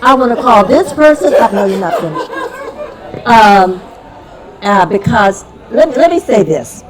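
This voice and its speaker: A man's voice: very high voice, huge pitch swings, a little slow, rough recording. A man hosting a retirement party, effusive and affectionate, coaxing people up to speak. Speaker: emcee. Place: party room. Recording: crowd noise behind.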